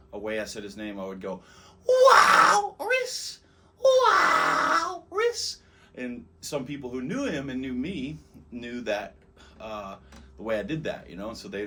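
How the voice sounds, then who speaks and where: Low-voiced Texan man telling a story. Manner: conversational, rambling, with fillers. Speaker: podcast host. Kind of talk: casual personal storytelling. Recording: distant mic with background noise.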